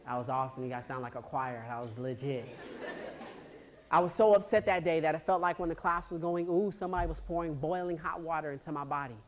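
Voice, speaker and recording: A man giving a motivational speech at a high school assembly, acting out scenes with sound effects and quizzing the students. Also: fast talker, a little hiss or hum. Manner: animated storyteller who acts out scenes, makes sound effects and quizzes the crowd. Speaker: motivational speaker.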